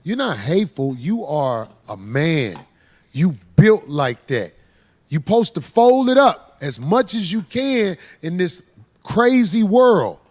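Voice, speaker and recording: A man's voice: sits high, sing-song, slow, a little mellow. A man speaking as a guest on a talk show, blunt and emphatic in casual chat.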